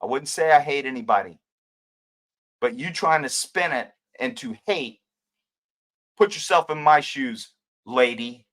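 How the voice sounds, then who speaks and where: A man's voice: mid-range voice, lively intonation, a little slow, pauses often. Emotional older man ranting on a livestream. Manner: emotional, ranting, rambling, swings between loud and quiet. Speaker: livestream host, former police detective. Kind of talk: livestream rant answering viewer comments.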